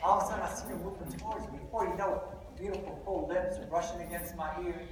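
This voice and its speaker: A man's voice: sits high, steady tone, rapid-fire. A man giving a humorous motivational talk to a live audience, telling a story with playful comic timing. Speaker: motivational speaker. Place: large hall with live audience. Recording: echoey hall, far off, crowd noise.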